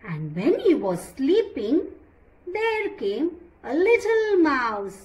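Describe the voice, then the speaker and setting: A woman teacher telling a children's story in an animated way, often asking the children questions. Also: high voice, very slow.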